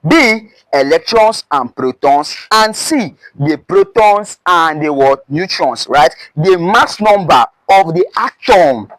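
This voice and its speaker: A man's voice: on the high side, animated, slow pace, hardly any pauses, a bit bright, dry recording, poor audio. A man teaching chemistry exam questions in Nigerian English, who keeps asking "what?" and answering himself. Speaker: chemistry tutor. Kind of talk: exam-prep lesson.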